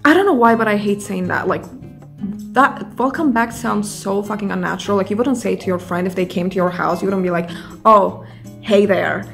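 A woman's voice: medium pitch, fairly quick, creaky, fairly bright tone, soft background music. A young woman hosting a comedic vlog, rambling, sarcastic and casually profane. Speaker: vlogger.

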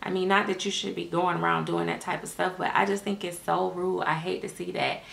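A middle-aged American doll-making vlogger chats casually to camera, sassy and direct, calling her viewers y'all as she talks about her dolls. Her voice is fairly low and a bit bright, with a level tone, a brisk pace, and vocal fry.

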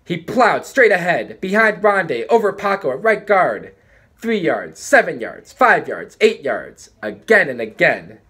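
A man reading a children's book aloud with animated, dramatic pacing. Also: a little high, a little slow, slightly rough. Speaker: storybook reader.

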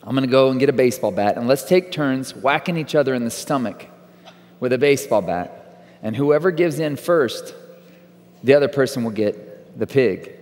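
A man's voice: medium pitch, expressive, normal speed, a little mellow, natural voice. A man voicing a pet pig's owner in a joke, talking earnestly and pleadingly in a long-reverb hall. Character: grown man, pleading then scheming pig owner.

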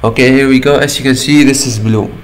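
A man narrating a screen-recording tutorial step by step, often pausing on "okay" between steps. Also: medium pitch, fairly even intonation, poor audio. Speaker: tutorial maker.

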